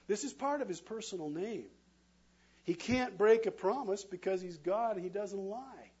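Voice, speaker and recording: A middle-aged man preaching a sermon, asking his congregation questions and pausing for them to answer, with emphatic delivery. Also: high voice, expressive, darkish tone, husky, dull audio. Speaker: pastor.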